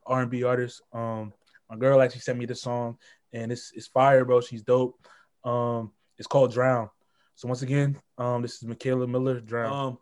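A man hosting a casual podcast chat, telling stories in a quick, animated way and stumbling over restarts. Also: medium pitch. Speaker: podcast host.

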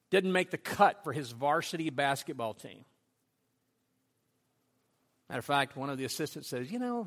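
A man preaching a sermon, telling stories that build to loud, intense peaks. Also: medium pitch, vocal fry, long reverb tail. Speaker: pastor.

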